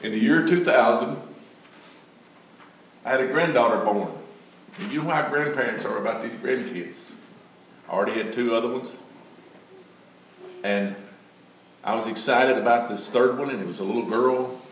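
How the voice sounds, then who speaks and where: A man's voice: mid-range voice, moderate pace, pauses often, slight background noise. An older man, telling a folksy testimony story as a church speaker. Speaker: Gideons speaker. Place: church sanctuary. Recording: echoey church from far off.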